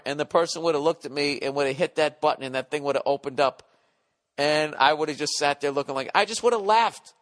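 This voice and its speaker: A man's voice: on the high side, quick pace, a bit bright, big-room sound. A middle-aged man hosting a podcast, telling a comic story in a profane, exasperated rant. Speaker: podcast host.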